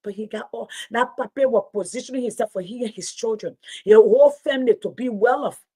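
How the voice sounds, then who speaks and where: A woman's voice: fairly high pitch, fairly quick, mellow, breathy edge. A middle-aged woman giving impassioned political commentary, indignant and emphatic, repeating phrases for stress.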